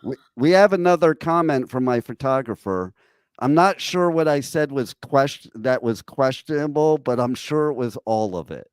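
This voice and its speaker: A man's voice: medium pitch, lively intonation, moderate pace, clear, resonant tone, no room sound, clean studio sound. A man hosting a radio show, teasing his co-host with casual banter. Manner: joking, teasing.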